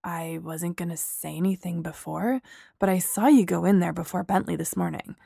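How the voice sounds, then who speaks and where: A worn-out young man, an engineer, talks low and half-whispered in a dry, close audiobook voice, as a woman narrator puts him on. His lines come out breathy and heavy with frustration. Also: moderate pace, warm tone, no echo, full character voice. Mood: exasperated.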